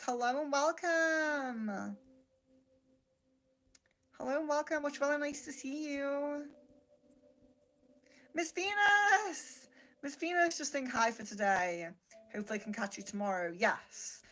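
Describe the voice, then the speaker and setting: A British woman hosts a live-stream card reading, greeting viewers by name and chatting casually with plenty of fillers. Her voice is high-pitched and fairly bright, and the recording is rough.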